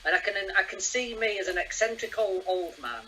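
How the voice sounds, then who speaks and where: A man, a guest telling rambling, animated stories in a casual chat. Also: high-pitched, a little fast, a little hiss or hum, poor audio. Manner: animated, rambling storyteller who acts out voices.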